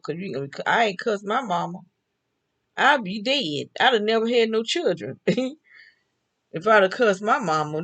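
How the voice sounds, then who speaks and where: A woman's voice: on the low side, fairly bright tone, rough recording. An older woman chatting alone on camera, telling family stories and laughing often. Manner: chatty, laughs often, talks back and forth with herself. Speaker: vlogger. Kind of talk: casual storytelling monologue.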